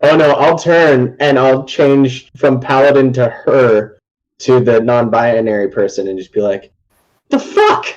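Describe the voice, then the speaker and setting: A man's voice: medium pitch, fairly even intonation, unhurried, a little mellow. Guy playing a tabletop game, jokey, muffled lo-fi sound. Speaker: player. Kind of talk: casual tabletop play.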